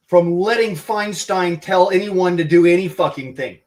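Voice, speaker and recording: A man's voice: high-pitched, normal speed, hardly any pauses. A man, delivering a heated, profanity-filled rant to camera while cooking. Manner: heated, swearing constantly. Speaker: vlogger.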